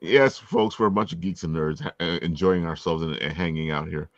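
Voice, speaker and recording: A man's voice: low-pitched, a little fast, no echo, dull audio. A man hosting a casual talk show, chatting with lots of fillers and frequent laughs. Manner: animated, laughs often, filler-heavy. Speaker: show host. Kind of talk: casual chat.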